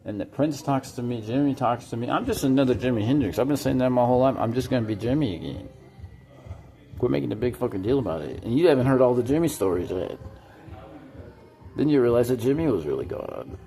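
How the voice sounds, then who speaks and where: Guy with a gravelly low mellow voice just rambling on his vlog, swearing a lot, hopping topic to topic. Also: animated, quick pace, soft background music. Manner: rambling, profane, jumps between topics. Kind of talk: rambling monologue to camera.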